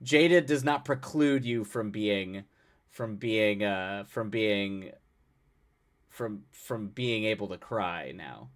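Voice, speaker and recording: Young guy streamer, kinda low voice, rambles and laughs at himself a lot. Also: slow. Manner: rambling, self-mocking, laughs often, many restarts. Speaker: livestream host. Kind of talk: casual chat with chat readers.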